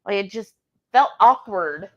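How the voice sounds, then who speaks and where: A woman's voice: medium pitch, animated, measured pace, dull audio. A woman co-hosting a live cooking stream, chatting casually and reading viewer comments aloud. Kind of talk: casual live cook-along chat.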